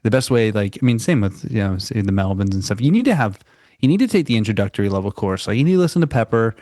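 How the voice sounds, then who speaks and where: A man with a fairly low voice chats casually on a music podcast. He talks in halting stretches filled with "like" and restarts. The recording is dry and close. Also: lively intonation, darkish tone, no echo. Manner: loose, halting, says "like" often. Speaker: podcast co-host.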